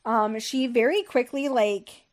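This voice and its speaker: Speaking slowly in a fairly high voice, this young podcast host recaps a novel in casual, rambling talk, swearing freely and filling gaps with "like" and "um."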